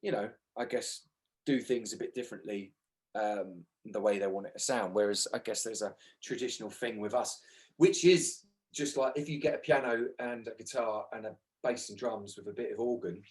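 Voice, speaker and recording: A man with a London accent, a band's lead singer, chatting in a casual radio interview, lively and swearing freely. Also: fairly low pitch, normal speed. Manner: animated, swears freely, acts out quoted voices.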